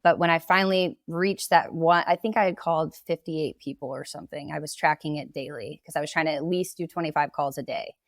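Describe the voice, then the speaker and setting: Real estate agent, woman, low voice, conversational, dry close mic. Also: steady tone, brisk, few pauses, dry recording. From Oklahoma. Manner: conversational, explaining at length with laughs. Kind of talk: casual podcast interview.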